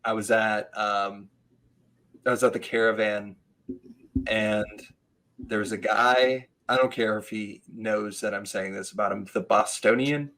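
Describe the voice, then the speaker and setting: A man comedian chatting casually on a podcast, telling a story with quick asides and laughs. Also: lowish voice, fairly even intonation, fairly bright tone, poor audio.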